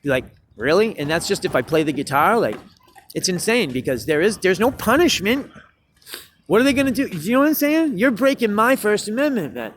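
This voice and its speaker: A man's voice: very animated, a little fast, a little hiss or hum. A man talking casually to camera outdoors, rambling and swearing, with many fillers, growing indignant as he gets worked up. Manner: rambling, profane, fillers like "you know what I mean"; indignant, rising pitch when worked up. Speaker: street musician vlogger. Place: outdoors by a city building.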